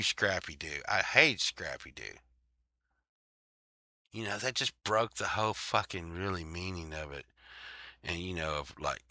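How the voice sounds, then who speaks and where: A man's voice: deep voice, bright, forceful tone, no room sound. A man hosting a show in casual chat, rambling, swearing freely and laughing often.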